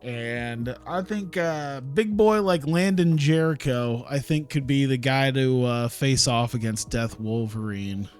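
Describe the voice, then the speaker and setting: Guy streaming a wrestling sim, slow easygoing chatter, laughs and swears a bit, quiet music behind him. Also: medium pitch, clear, resonant tone. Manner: thinks aloud, chuckles, swears casually. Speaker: streamer playing a wrestling management game. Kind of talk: casual gaming stream commentary.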